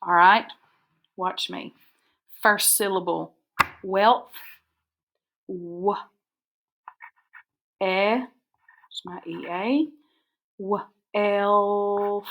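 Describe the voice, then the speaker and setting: A woman teacher, dictating spelling words and breaking them into syllables slowly and carefully for a recorded lesson. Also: medium pitch, fairly bright tone. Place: recorded for an online video lesson.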